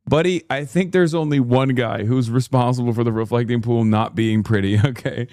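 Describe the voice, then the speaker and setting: A man's voice: mid-range voice, normal speed, few pauses, a little mellow, dry recording, clean studio sound. A man in his thirties doing casual reaction commentary on a stream, sarcastic and profane, often laughing as he mocks what he hears. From United States.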